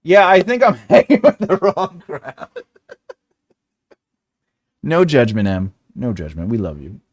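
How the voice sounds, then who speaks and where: A man's voice: a little high, animated, a little slow, a little mellow. A man in his forties, host of a casual live chat with his viewers, rambling and jokey and often laughing. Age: 40s. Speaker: livestream host.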